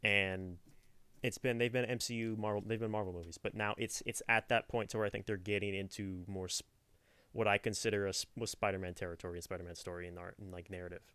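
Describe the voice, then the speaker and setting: A man's voice: lowish voice, steady tone, fast, bright, forceful tone, clean tone, no echo. A young man co-hosting a podcast, talking through his opinions at length in a casual chat. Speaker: podcast co-host.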